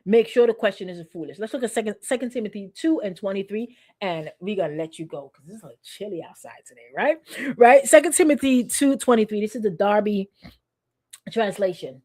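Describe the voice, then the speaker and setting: A woman's voice: mid-range voice, expressive, brisk, mellow. A woman pastor giving a sermon in a conversational, repetitive, playfully sarcastic way.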